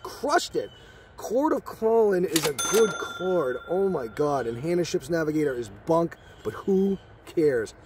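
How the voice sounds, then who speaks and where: An excited man hosting a card-opening video, exclaiming and joking in slangy chat, so thrilled he says he is shaking. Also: fairly high pitch, a little slow, slight background noise. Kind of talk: excited box-opening vlog.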